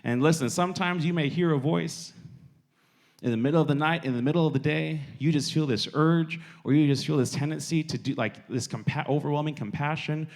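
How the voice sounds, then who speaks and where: A man giving a casual sermon to young people, talking conversationally and repeating phrases for emphasis. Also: fairly high pitch. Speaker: youth preacher.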